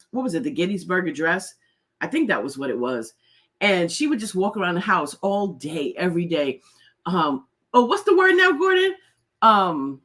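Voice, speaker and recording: A woman's voice: fairly low pitch, a bit bright. A middle-aged woman hosting a casual live stream, chatty and laughing often as she greets viewers by name. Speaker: host.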